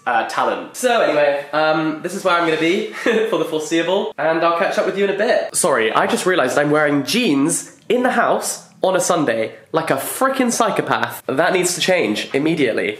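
A young man chatting casually to camera in his flat, full of self-mocking asides. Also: a little high. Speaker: book vlogger. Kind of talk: casual vlog chat to camera. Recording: roomy indoor echo.

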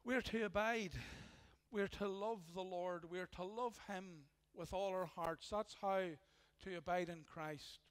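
A man's voice: sits high, fairly even intonation, unhurried, clean tone. A man with a Northern Irish accent preaching a sermon as pastor, earnest and emphatic, often repeating phrases for weight. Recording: long hall reverb.

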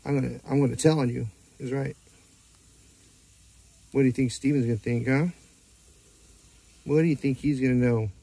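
Gravelly, husky-voiced man, playful fake scolding of a dog. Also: medium pitch, steady tone, normal speed, pauses often, warm tone, dry recording. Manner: teasing, playfully stern. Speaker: dog owner filming his pets. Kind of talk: mock-scolding chat to a dog.

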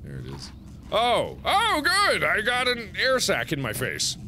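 A man's voice: high-pitched, huge pitch swings, measured pace, bright, forceful tone, a little hiss or hum. A man commentating his own gameplay, nervous and easily startled, with panicky exclamations and nervous laughs. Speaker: let's play host. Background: game music.

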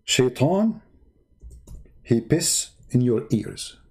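A man hosting a live-stream debate, talking in a sarcastic, mocking, drawn-out way. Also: medium pitch, very animated, vocal fry, darkish tone, husky.

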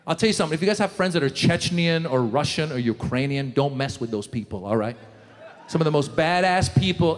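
A man doing a stand-up comedy set, animated, breaking into loud shouted character voices. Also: fairly high pitch, fairly quick. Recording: reverberant hall, faint room noise.

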